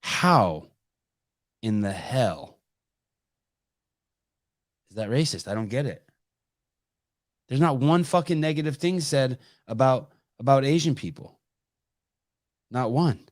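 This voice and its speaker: A man hosting a live call-in podcast, talking in an animated, profane way with many restarts. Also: mid-range voice, slow pace, long pauses, no room sound, clean studio sound. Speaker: podcast host.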